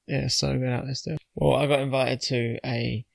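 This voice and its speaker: A man's voice: medium pitch, little pitch movement, normal speed, creaky, no room sound. A man on a casual podcast, telling an anecdote and laughing through it. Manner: storytelling, laughs at his own anecdote. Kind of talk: casual chat.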